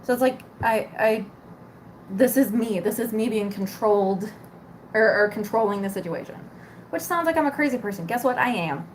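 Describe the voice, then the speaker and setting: A woman's voice: on the high side, expressive, moderate pace, a little hiss or hum. A woman in her twenties ranting casually, exasperated, sarcastic and full of swearing. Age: 20s. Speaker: cosmetics store worker. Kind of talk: casual venting rant.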